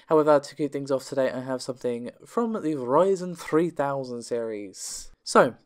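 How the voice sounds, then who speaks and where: A man delivers tech news on his own, chatty and quick, with a voice still slightly off from a cold. He reads out figures fast, corrects himself as he goes, and his pitch sits in the middle for a man. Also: expressive. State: under the weather, voice affected. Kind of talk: solo tech news commentary.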